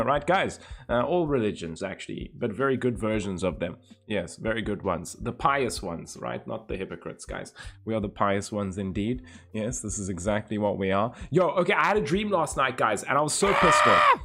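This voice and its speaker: A man's voice: lowish voice, expressive, moderate pace, pushed and bright. Chatty young male livestreamer. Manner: chatty, teasing, swears freely. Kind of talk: casual chat with live viewers.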